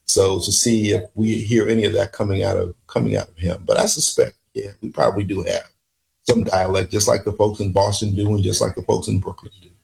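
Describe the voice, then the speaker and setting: Low gravelly guy on morning talk radio, easygoing musing chat, studio mic. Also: steady tone, brisk, a little mellow, rough recording. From northern Louisiana. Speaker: radio talk show co-host. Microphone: studio microphone.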